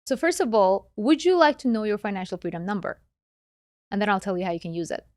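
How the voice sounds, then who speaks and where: A woman guest with a non-native English accent, explaining investing in a casual interview with animated, quick asides. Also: medium pitch, no echo, studio quality.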